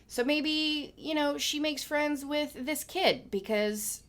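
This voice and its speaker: A woman's voice: high voice, slow pace, a bit bright. Rambling, musing woman storyteller. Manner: rambling, musing, full of hedges. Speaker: painting vlogger. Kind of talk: casual improvised storytelling.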